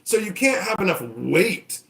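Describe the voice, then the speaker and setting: A man's voice: high voice, big pitch swings, unhurried, gravelly, fairly bright tone. A man hosting his own channel, ranting casually and profanely and acting out mocking voices. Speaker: channel host. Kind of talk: casual opinion rant.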